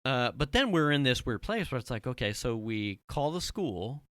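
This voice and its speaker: In studio-quality audio with no echo, a man in his thirties co-hosting a casual podcast shares a family anecdote in a mid-range voice at a moderate pace. It's an animated telling, full of swearing and acted-out dialogue.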